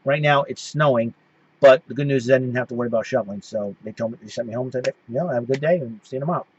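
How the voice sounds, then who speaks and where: A man's voice: medium pitch, very fast, a little mellow, highs cut off, a little hiss or hum. A man hosting his own show, giving a casual recap that rambles and keeps restarting its sentences. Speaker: host.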